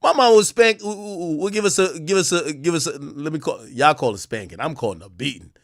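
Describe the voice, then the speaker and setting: A man hosting a livestream, ranting in profane, animated commentary that swings from loud outbursts to low muttering. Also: fairly quick, no echo, studio quality. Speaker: livestream host.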